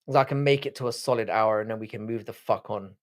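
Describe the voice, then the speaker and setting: A man's voice: lowish voice, quick pace. A tired man in his thirties hosting a live stream, swearing freely and rambling with lots of restarts. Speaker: livestream host. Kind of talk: casual live-stream chat.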